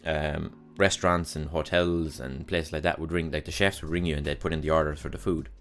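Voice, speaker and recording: A man's voice: very deep voice, steady tone, a little fast, a bit bright, soft background music. A young man hosting a podcast, telling rambling, sweary stories about his past jobs with exasperated humor. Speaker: podcast host. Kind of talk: casual solo monologue.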